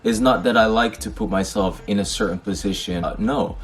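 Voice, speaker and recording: A man's voice: on the low side, brisk, faint music behind. A young man from the Netherlands telling personal stories to camera in a frank, heated way, full of slang and swearing. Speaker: vlogger. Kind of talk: casual personal storytelling.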